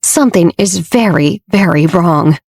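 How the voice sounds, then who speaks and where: A wary, sharp-tongued young woman speaks with a wry edge, as a woman narrator voices her. The audiobook reading is dry and close, with no room sound. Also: lowish voice, unhurried, gravelly, dry recording.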